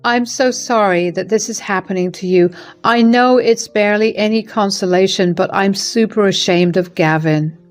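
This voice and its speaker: A woman voicing a remorseful middle-aged mother-in-law who speaks gently and apologetically. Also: mid-range voice, moderate pace, soft background music, natural voice. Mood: worried.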